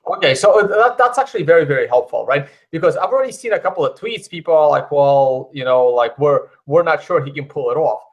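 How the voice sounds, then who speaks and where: Man, fairly high voice, skeptical, measured, camera mic on a call. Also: lively intonation, highs cut off. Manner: skeptical, measured, asks for proof. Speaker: panelist. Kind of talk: casual crypto panel talk.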